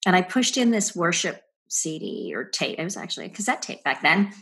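A woman's voice: lowish voice, wildly swooping pitch, brisk, gravelly, breathy edge. A middle-aged woman, a podcast guest, earnestly telling her personal testimony in a reflective way. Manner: reflective, earnest storytelling with soft trailing phrases.

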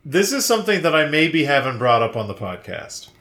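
A man's voice: fairly high pitch, big pitch swings, fairly quick, a bit bright, reverberant. A man co-hosting a podcast, chatting casually and playfully with some rambling. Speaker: podcast co-host. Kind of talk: casual chat.

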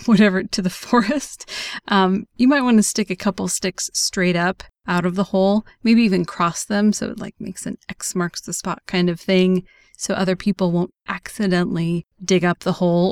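A woman hosting a podcast in a relaxed, joking way, with a voice of ordinary middle pitch. The sound is dry and close, with no room around it. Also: dry recording. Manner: chatty, joking, with light laughs. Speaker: podcast host. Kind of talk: casual outdoor-advice podcast.

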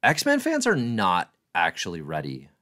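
A man hosting a weekly livestream, chatting casually, answering viewers' comments, excitable and playful with self-mocking jokes. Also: sits low, measured pace. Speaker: livestream host.

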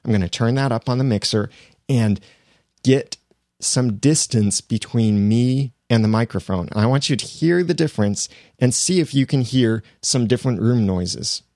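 A man explaining podcast recording in a relaxed, conversational teaching manner, close to a studio microphone. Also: mid-range voice, normal speed, no room sound. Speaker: podcasting instructor. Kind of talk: instructional explainer. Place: small home studio room.

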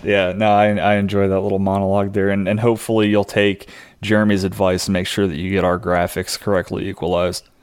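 Low-voiced laid-back podcast co-host man. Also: little pitch movement, brisk, few pauses, clear, resonant tone, dry recording, clean studio sound. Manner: laid-back, hesitant with fillers. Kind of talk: casual chat recapping a TV episode.

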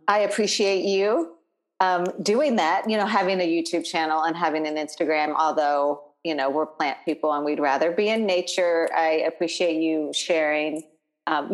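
A woman's voice: on the low side, moderate pace. A woman hosting a podcast interview. She chats casually and supportively, with many fillers. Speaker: podcast host.

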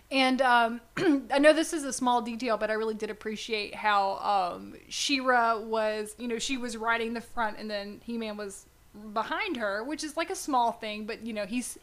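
A high-pitched woman chatting on a podcast, talking in excited, giggly bursts. She gushes about what she loves and keeps laughing mid-sentence. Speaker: podcast co-host. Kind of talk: casual chat.

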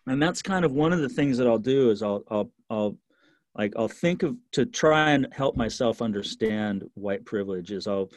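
A man telling stories in a casual interview, lively and full of fillers and restarts. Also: lowish voice, moderate pace, no room sound. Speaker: interview guest.

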